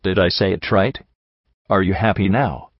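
A deranged, rotting ghoul stallion prince, as a male reader puts him on, speaking grandly in a booming, boiled-sounding voice pitched low, then erupting into screams. The dry, slightly muffled recording keeps him close and dull. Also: normal speed, dry recording. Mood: raging.

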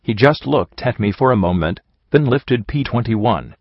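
A man narrating a first-person story as an audiobook reader, in a steady, measured way. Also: mid-range voice, dry recording. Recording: dull lo-fi audio.

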